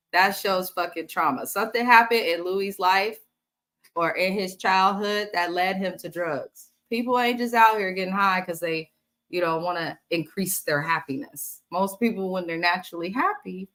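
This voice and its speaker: A woman's voice: mid-range voice, normal speed, fairly bright tone. A woman hosting a casual live recap of a reality TV episode. She talks straight to her viewers, blunt, opinionated and full of swearing. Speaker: host of a reality TV recap channel.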